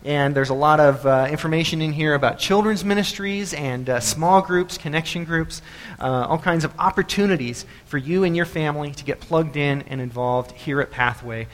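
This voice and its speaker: A man's voice: on the high side, moderate pace, in a large hall. A male pastor giving a sermon in a church, talking in a loose, conversational way full of fillers and restarts. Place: church sanctuary.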